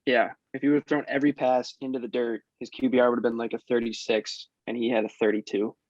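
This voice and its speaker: A man chiming in on a casual sports podcast, talking quickly at an ordinary pitch. His audio is dull and lo-fi, dry with no room around it. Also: flat delivery, a little mellow, no echo. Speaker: podcast co-host.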